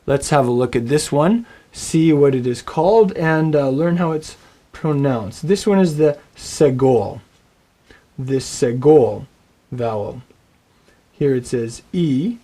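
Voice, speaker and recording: A man teaching a recorded Hebrew lesson, friendly and encouraging, saying words slowly and getting the listener to repeat them. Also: medium pitch, lively intonation, dark tone. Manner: friendly, encouraging, models pronunciation aloud.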